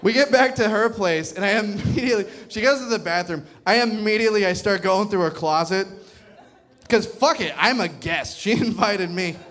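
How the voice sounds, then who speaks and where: A man doing a stand-up comedy set in a comedy club, telling a crude story in an animated way into a handheld stage mic, laughing as he goes. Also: high voice, moderate pace, a little hiss or hum. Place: comedy club stage before a live crowd.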